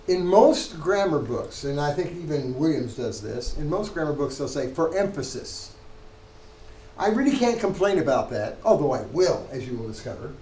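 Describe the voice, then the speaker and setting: A man's voice: sits high, darkish tone, roomy sound, poor audio. A man teaching a university class, explaining points emphatically and restarting phrases as he goes. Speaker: professor. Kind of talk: university lecture.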